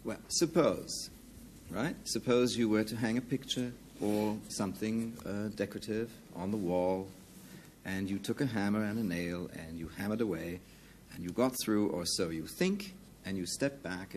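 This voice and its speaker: A man on a panel game, spinning a deliberate, amused explanation. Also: fairly low pitch, a little mellow, a little hiss or hum. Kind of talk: bluffing a definition.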